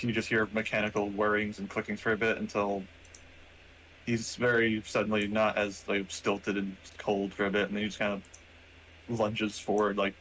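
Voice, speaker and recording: Low-voiced man, loose, filler-heavy game narration. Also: fairly bright tone, a little hiss or hum, low-quality recording. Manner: rambling, many "like" fillers. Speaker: player narrating a robot character. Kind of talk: casual tabletop narration.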